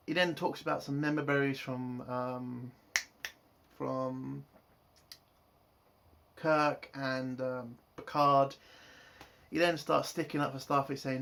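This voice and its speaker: A man's voice: mid-range voice, flat delivery, takes it slowly, creaky, long pauses, fairly bright tone. A man giving a casual episode review, frustrated and swearing, building into exasperated outbursts. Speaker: show reviewer.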